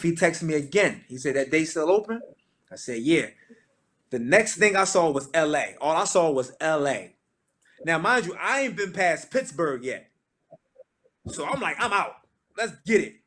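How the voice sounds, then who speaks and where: A man in his thirties giving an animated, slang-filled testimony to a church audience about his years as a gospel singer. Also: a little high. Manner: animated, slangy storytelling with lively quoted asides.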